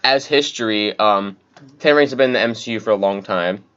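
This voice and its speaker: A man's voice: fairly low pitch, fairly quick, a bit bright, clear, resonant tone. A man co-hosting a casual podcast, reading out movie details in a chatty way. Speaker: podcast co-host. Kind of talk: casual chat, reading notes. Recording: dull lo-fi audio.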